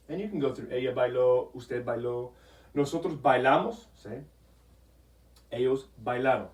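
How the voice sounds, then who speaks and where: Guy teaching spanish verbs, keeps saying okay, voice kinda high, sounds far off from the mic. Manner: patient, repeats "okay?" often, models pronunciation slowly. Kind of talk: classroom grammar lesson. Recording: echoey room, voice from a distance.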